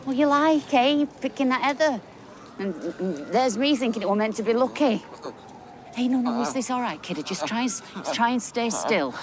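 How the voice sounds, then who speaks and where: A woman's voice: fairly high pitch, lively intonation, normal speed, natural voice. An actress playing a panicked young woman, urgently comforting a stabbed boy in a TV soap drama. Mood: soothing. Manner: urgent, reassuring, voice breaking. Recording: noisy outdoor TV drama audio.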